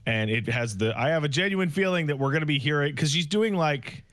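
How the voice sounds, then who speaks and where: A man co-hosting a podcast in casual chat, animated and joking, often laughing. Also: fairly high pitch, fairly quick, dry recording, studio quality. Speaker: podcast co-host.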